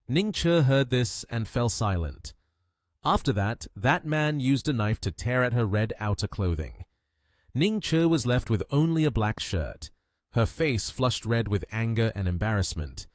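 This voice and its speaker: A man narrating a story recap with steady, expressive storytelling. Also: on the low side, measured pace, no echo, studio quality.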